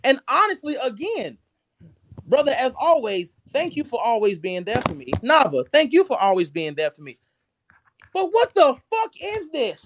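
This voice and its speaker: A man hosting a live stream, ranting angrily and cursing constantly, his loudness jumping up and down. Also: very high-pitched, huge pitch swings, moderate pace, dry recording. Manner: heated, profane, cursing constantly; shifts abruptly between loud and quiet. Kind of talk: angry rant on a live stream.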